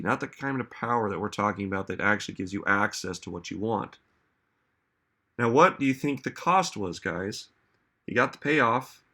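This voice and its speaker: This man's sharp-toned, mid-range voice carries a laid-back motivational talk before an audience. As a self-help speaker, he keeps it conversational, leaning on "like" and "right?" and using questions to stress his points.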